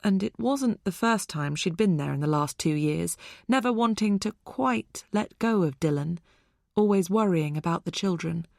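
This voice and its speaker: A woman narrating an audiobook in an even, measured storytelling voice. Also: on the low side, no echo, clean studio sound. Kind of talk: scripted narration.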